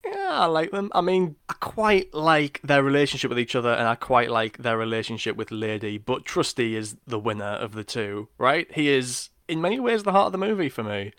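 A man's voice: mid-range voice, lively intonation, fairly quick, hardly any pauses, fairly bright tone, dry recording. Easygoing man, dry close sound. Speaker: podcast co-host. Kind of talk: casual film discussion.

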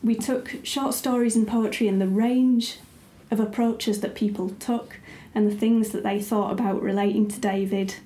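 A woman's voice: mid-range voice, steady tone, moderate pace, few pauses, warm tone, roomy sound, a little hiss or hum. A woman, a writer and editor, chatting casually and thoughtfully with frequent ums. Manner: thoughtful, a little hesitant with many ums. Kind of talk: casual conversation.

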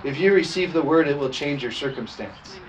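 A man's voice: on the high side, lively intonation, moderate pace, slight background noise, rough recording. A man preaching a sermon as pastor, emphatic and repetitive, calling for responses from the congregation.

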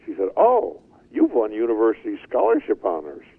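An older man telling his life story as an interview guest, animated and chuckling as he goes. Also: fairly low pitch, moderate pace, vocal fry. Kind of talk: storytelling testimony. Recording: tinny phone-like line.

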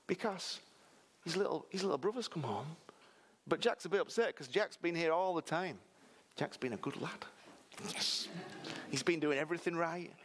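A man preaching a sermon, telling a story lively while directing a volunteer. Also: a little high, moderate pace, slight background noise. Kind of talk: sermon with live re-enactment.

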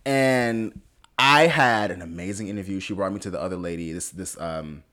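A man's voice: low-pitched, moderate pace, bright, forceful tone. A young man co-hosting a podcast, telling a story in a casual, gossipy chat. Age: young adult. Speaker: podcast co-host.

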